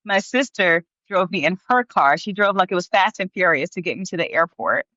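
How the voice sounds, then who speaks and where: A woman in her thirties, a podcast guest, telling her story in an animated way, laughing often and acting out what people said. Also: lowish voice, fairly quick, no room sound, dull audio. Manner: animated, laughs often, acts out quoted voices. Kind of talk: storytelling in an interview.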